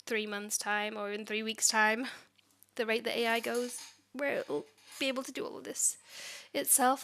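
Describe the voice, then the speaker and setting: High-voiced exasperated woman with vocal fry. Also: flat delivery, normal speed. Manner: exasperated, talking back at the software. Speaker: tech vlogger. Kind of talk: screen-recorded coding commentary.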